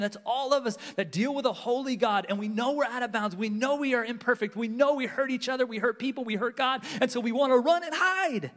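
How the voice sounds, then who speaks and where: A man in his forties preaching a sermon, moving between loud urgency and hushed, near-whispered lines. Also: very high-pitched, brisk, hardly any pauses. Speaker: pastor. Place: large church sanctuary. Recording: long reverb of a large church hall.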